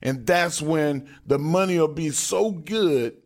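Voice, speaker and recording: A man's voice: on the high side, takes it slowly. A middle-aged man, a former wrestler co-hosting a podcast, talking in a fired-up, blunt, profane way. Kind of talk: casual chat.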